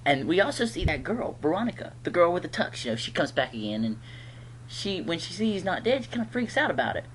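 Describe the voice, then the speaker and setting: A man's voice: high-pitched, very animated, fast talker, fairly bright tone, slight background noise. A man giving a casual, rambling episode recap, chatty and laughing often. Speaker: TV episode reviewer.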